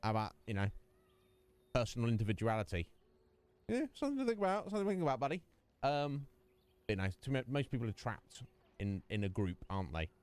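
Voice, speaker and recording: A man streaming a video game, commentating in an animated, ranting way and mock-quoting others. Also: medium pitch, fast, smooth. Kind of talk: live gameplay commentary.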